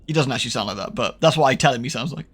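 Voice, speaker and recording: A man's voice: medium pitch, lively intonation, rapid-fire, fairly bright tone. A British man streaming a horror game, chatting casually with viewers in a rambling, sweary way, correcting himself and laughing often. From United Kingdom. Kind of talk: casual livestream chat.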